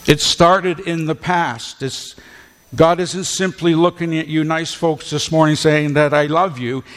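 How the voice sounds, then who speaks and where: Slow, emphatic preaching man in a hall. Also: on the high side, fairly even intonation, fairly bright tone. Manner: slow, emphatic preaching with repeated words and drawn-out stresses. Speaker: pastor. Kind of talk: sermon. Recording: long church hall reverb.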